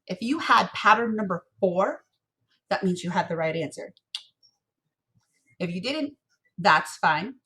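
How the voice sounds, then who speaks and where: A young adult woman leads a children's music lesson from her home office. She speaks into a computer mic, playful and encouraging. She chants rhythm syllables clearly in a teacherly cadence. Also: lowish voice, animated, measured pace, long pauses, sharp tone.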